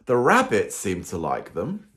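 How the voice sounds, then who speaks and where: A man voicing a gentle male dog who is hunting for a comfy place to sleep, read close to his own voice. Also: on the low side, huge pitch swings, a little slow, pitched below the performer's own voice, exaggerated voice. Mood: sleepy, wondering.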